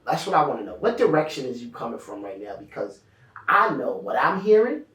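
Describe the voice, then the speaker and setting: A man's voice: mid-range voice, big pitch swings, a little fast, fairly bright tone. A man who DJs, co-hosting a casual podcast chat, rambling through profane stories. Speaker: DJ and co-host. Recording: echoey room, distant mic.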